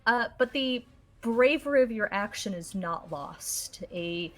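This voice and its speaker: A woman narrating as game master of a tabletop game, describing scenes in an unhurried way. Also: medium pitch, animated. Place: online stream.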